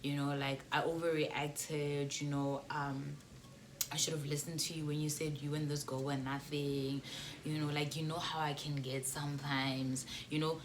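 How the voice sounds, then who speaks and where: A young South African woman telling a storytime vlog, animated and laughing, slipping between English and local slang. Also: sits low, unhurried, slight background noise. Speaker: YouTuber.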